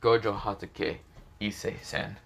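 A man's voice: lowish voice, unhurried, vocal fry. A man voicing a sly, smug young man who is an old school rival, in a casually narrated fan story.

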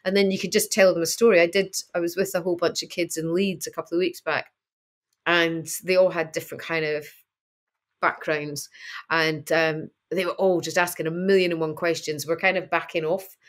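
Scottish woman, 50s, lower register, chatty interview guest who acts out voices. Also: level tone, fairly quick. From Scotland. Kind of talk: casual interview chat.

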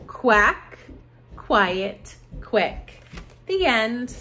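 Animated preschool teacher woman. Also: mid-range voice, drawn-out words. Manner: animated, exaggerated sounds for little children. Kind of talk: online preschool lesson.

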